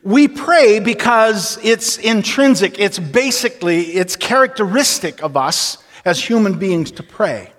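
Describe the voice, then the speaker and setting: A man preaching a sermon, telling a story casually and then slowing down and dropping low to stress his point. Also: animated, fairly bright tone. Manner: storytelling, slows and drops low for emphasis. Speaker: pastor. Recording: long reverb of a large hall.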